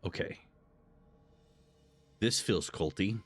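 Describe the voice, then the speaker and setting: A man's voice: low-pitched, slow, soft background music. A man casually commenting on his first playthrough of a game, chatty and laughing often. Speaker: gaming channel host. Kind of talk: casual let's-play commentary.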